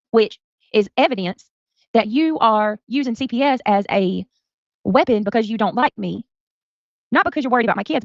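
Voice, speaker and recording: A woman's voice: a little high, no echo. A woman streamer ranting angrily at a rival, confrontational, sarcastic and profane. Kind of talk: angry livestream rant. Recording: dull lo-fi stream audio.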